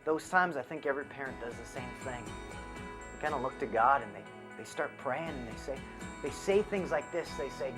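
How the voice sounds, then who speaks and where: A man's voice: mid-range voice, normal speed, music in the background. A young man, a father and youth pastor, giving an earnest devotional talk from his child's bedroom; he speaks conversationally and grows impassioned.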